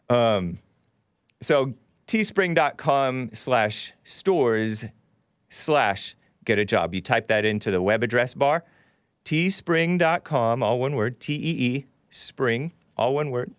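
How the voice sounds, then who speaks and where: A man's voice: medium pitch, clean tone, dry recording, clean studio sound. A man hosting a talk show, giving rambling, sarcastic political commentary with scornful asides.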